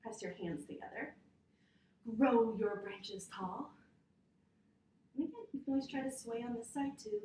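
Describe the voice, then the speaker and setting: A woman teaching yoga to children, reading a story aloud in a gentle, encouraging way and roaring and meowing with them. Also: a little high, normal speed, long pauses, recorded from a distance, slight background noise. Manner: gentle, encouraging, playful animal sounds. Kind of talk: storytime with kids' yoga instruction. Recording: echoey room.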